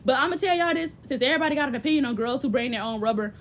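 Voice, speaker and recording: A young woman giving blunt, profane, big-sister advice in casual chat, animated and often mimicking other people's voices. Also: high-pitched, very fast, slight background noise. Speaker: livestream host.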